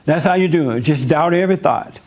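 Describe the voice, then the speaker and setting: A male pastor delivers a loose, humorous sermon in a conversational tone and circles back over his points. His voice sits on the higher side for a man. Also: brisk, darkish tone. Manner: conversational, joking, repeats himself.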